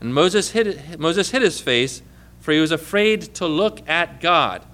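Male preacher, high and bright, teaching a sermon with call-and-response questions. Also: lively intonation, measured pace. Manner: asks the congregation questions and prompts answers; reads scripture aloud with emphatic stress.

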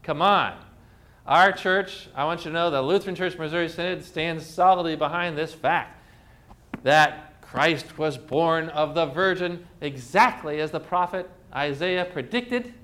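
A man's voice: fairly high pitch, unhurried, a bit bright. A man preaching a sermon as pastor, emphatic and full of rhetorical questions. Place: church. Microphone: phone.

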